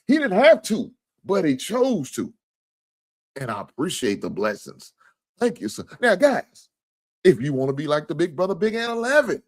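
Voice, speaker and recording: A man hosting a casual sports talk livestream, joking, swearing freely and thanking viewers for donations. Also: a little high. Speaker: sports talk show host.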